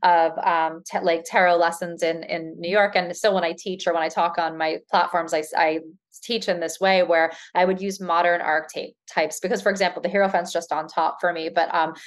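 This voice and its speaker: A woman speaking in a somewhat low voice, talking freely as an interview guest. She rambles in a casual way, with many fillers and restarts. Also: little pitch movement, brisk. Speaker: tarot reader and author, guest.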